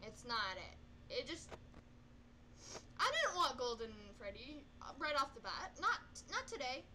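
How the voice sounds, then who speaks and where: A woman's voice: sits high, very animated, measured pace, background noise. A woman gamer reacting live to a horror game, panicky and self-mocking, yelping and repeating no over and over and talking to the game's characters.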